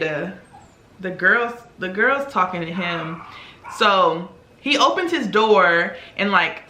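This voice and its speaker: A young woman vlogger telling a long story in a casual, animated way while doing her makeup, acting out other people's lines as she goes. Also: mid-range voice. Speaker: beauty vlogger. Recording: echoey room.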